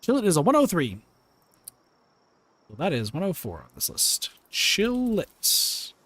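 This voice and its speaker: A man's voice: high-pitched, huge pitch swings, a little slow, a bit bright, dry recording. A man streaming a game live, chatting playfully, reading and answering chat and reacting to the game as he plays. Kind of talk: live gameplay commentary. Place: home room.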